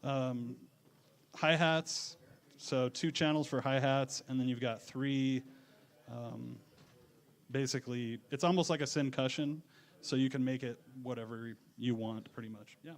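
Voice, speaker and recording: Fresh off a performance at a bar during a live music event, a man answers questions about his music in a laid-back, easygoing way. His mid-range voice stays steady and runs a little slow.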